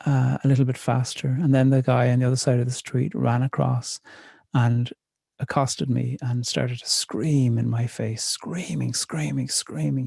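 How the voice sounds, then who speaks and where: A man with a Northern Irish accent, a poet reading his poems and telling stories in a slow, measured, reflective way. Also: mid-range voice, gravelly, dark tone, no echo. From north of Ireland. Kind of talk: poetry reading and storytelling.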